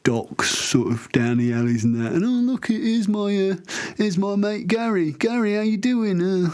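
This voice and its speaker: A man's voice: high voice, lively intonation, normal speed, a little mellow. A man doing a rambling, aimless street wanderer. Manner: rambling, hesitant.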